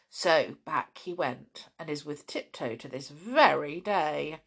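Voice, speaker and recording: A woman hosting a children's story podcast, reading storybooks aloud in an expressive, chatty way with soft asides. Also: deep voice, slow pace, vocal fry, few pauses, husky.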